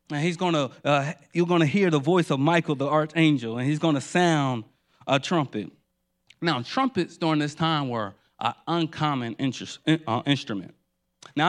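A man from New Jersey preaching a sermon, building rhythmic repeated refrains. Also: medium pitch.

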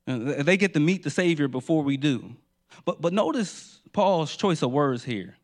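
A man's voice: a little high, expressive, normal speed. A man from New Jersey preaching a sermon, building rhythmic repeated refrains.

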